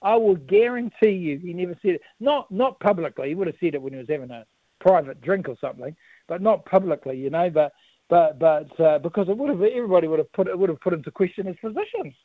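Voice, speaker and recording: A New Zealand man talks down a tinny, dry phone line as a radio interview guest. His voice sits on the high side for a man, and he rambles, laughs often and fills his pauses with ums and uhs. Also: expressive, no echo. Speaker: politician guest, campaign director.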